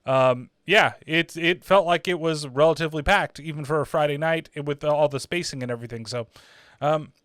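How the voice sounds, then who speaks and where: Casual male film reviewer, rambling and foul-mouthed, a slightly high voice, smooth and crisp, dry close sound. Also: moderate pace, fairly bright tone, dry recording. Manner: rambling, profane, full of fillers like "like" and "uh". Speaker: horror movie reviewer, channel host.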